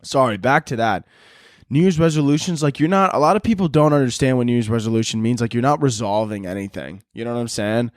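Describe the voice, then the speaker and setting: A man's voice: medium pitch, dry recording. Profane ranting man, dry close sound. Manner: animated, mocking, quick asides. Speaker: podcast host. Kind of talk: casual solo podcast rant.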